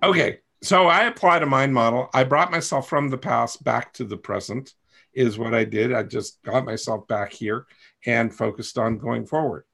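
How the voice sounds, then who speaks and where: Male coach-host, gravelly and husky, candid and rambling, self-mocking. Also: medium pitch, moderate pace, fairly bright tone. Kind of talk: coaching talk to a group.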